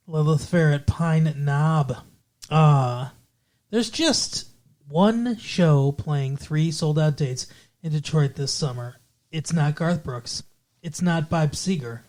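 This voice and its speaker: A man's voice: a little high, a little slow, a little mellow. A man co-hosting a comedy podcast, chatting playfully and reading entertainment headlines aloud. His delivery moves between banter and mock news-anchor reading. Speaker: podcast co-host. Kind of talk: comedic podcast chat in 1998 character.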